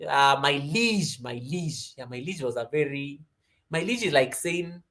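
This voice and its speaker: Chatty Kenyan woman hosting a livestream. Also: measured pace. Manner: chatty and rambling, greets viewers by name, animated jumps in pitch and loudness. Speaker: yoga livestream host. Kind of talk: casual livestream chat reading viewer comments.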